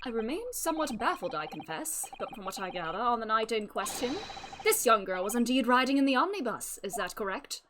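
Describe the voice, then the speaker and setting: A woman's voice: on the high side, sing-song, brisk, noisy background. A woman reading the lines of a stately older male judge in formal, ornate courtroom language. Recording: game music playing behind.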